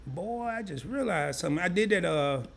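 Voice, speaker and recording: A man's voice: high voice, expressive, moderate pace, vocal fry, a bit bright. A man hosting a live stream, casually breaking things down step by step and often repeating himself. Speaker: crypto live stream host. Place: home setup, sharing his screen.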